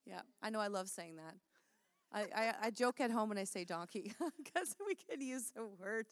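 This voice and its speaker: A woman speaking earnestly and warmly in a conversational Christian talk, laughing often as she encourages listeners. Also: a little high, animated, measured pace, no echo.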